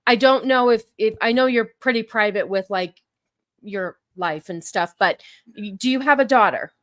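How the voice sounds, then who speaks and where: A woman's voice: medium pitch, normal speed, a bit bright, dry recording, clean studio sound. A woman hosting a casual podcast chat, often stopping and repeating words as she thinks aloud. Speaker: podcast host.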